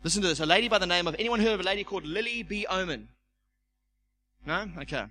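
A man preaching a sermon as pastor, animated, stumbling over repeated words and acting out the voices he quotes. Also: high-pitched, fast talker, poor audio. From South Africa.

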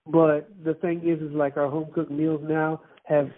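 A man's voice: on the high side, level tone, unhurried. A man from Miami chatting casually, rambling with restarts and frequent laughs. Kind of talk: casual chat. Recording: tinny phone-like line.

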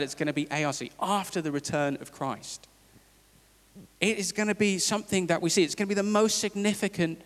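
A man preaching a sermon in a conversational, halting way, with fillers and restarts. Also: sits high. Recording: long hall reverb.

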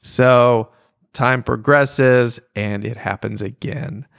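A man and comedy co-host casually telling an animated story from a club night, acting out the people in it. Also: medium pitch, takes it slowly, gravelly, smooth. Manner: animated storyteller, acts out quoted voices. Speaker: stand-up comedian and podcast co-host.

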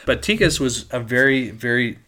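A man's voice: mid-range voice, expressive, normal speed, sharp tone. Chatty man telling history casually. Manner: rambling with frequent restarts and laughs. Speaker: podcast co-host.

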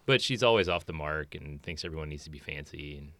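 A man's voice: rumbling low, expressive, fast, a bit bright. A man co-hosting a podcast in casual chat, telling stories in a wry, exasperated way. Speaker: podcast co-host.

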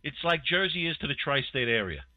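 A man's voice: medium pitch, sing-song, a little fast, dry recording, narrow, tinny audio. A man with a New York accent co-hosting a casual show, blunt and profane, stumbling over restarts. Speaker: co-host. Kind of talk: casual podcast banter.

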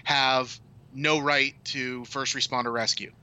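Bright-toned man giving his views on a podcast. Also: mid-range voice, little pitch movement, smooth. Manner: measured, many ums, swears casually. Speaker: podcast co-host. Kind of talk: casual chat.

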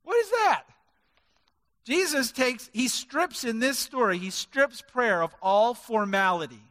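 In a reverberant hall, a male pastor delivers an emphatic sermon, hammering his points home with stacked lists of words. His voice is very high-pitched, pushed and bright, and he speaks a little slowly.

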